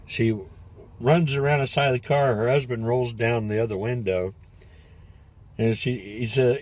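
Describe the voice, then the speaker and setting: An older man casually telling a rambling personal story as a vlogger, sitting in his parked car, chatty and laughing as he talks. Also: mid-range voice. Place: parked car in a parking lot.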